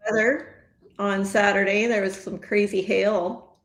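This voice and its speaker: A woman's voice: medium pitch, fairly even intonation, measured pace. A woman mortgage broker in a casual panel chat, talking with many hesitations and ums. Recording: roomy echo.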